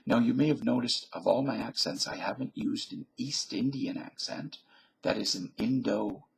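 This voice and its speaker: This Virginia man's very gravelly, husky voice sits in the mid-range at normal speed, often sinking to a breathy near-whisper. The vlogger rambles comically to camera, making claims and then insisting he was just kidding.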